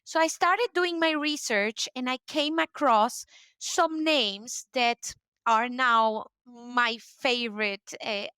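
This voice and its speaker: A woman speaks English with a Spanish accent in a high, bright voice. Her tone is clear and smooth, and the sound is dry and close. She is a guest in an interview and tells her story with eager energy, often pausing on fillers. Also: dry recording. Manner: enthusiastic, animated storytelling with frequent fillers. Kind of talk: casual interview talk.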